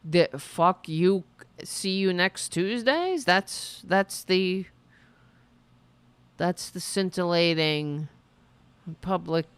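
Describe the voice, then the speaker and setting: Sarcastic woman podcast host, lively pitch. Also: drawn-out words, pauses often, clear, resonant tone, dry recording. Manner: mocking, sarcastic asides. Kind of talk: sarcastic political commentary.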